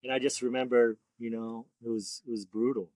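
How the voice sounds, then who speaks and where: A man's voice: medium pitch, level tone, fairly quick, darkish tone, dry recording. A man speaking as a tattoo artist guest on a podcast, telling rambling, profane stories in a laid-back way. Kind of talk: casual storytelling interview.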